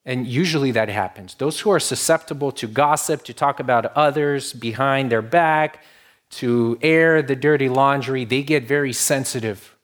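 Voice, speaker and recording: A male pastor delivers a sermon in an easy, conversational teaching manner, mid-pitched. He leans on rhetorical questions and sinks to a hushed, low voice when quoting. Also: moderate pace.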